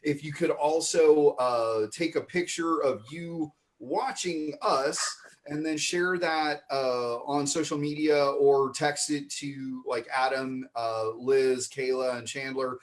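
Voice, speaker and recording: Male improv host, slightly higher voice, rambling livestream banter. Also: fairly even intonation, takes it slowly, hardly any pauses. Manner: rambling with many fillers. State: mouth full of marshmallow. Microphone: video call.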